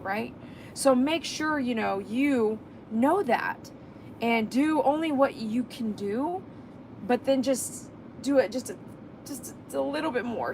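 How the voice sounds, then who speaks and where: A woman's voice: a little high, a little mellow, slight background noise. Impassioned woman vlogging. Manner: impassioned, emphatic, rambling with repetitions. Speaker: dog groomer and vlogger. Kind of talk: casual vlog monologue.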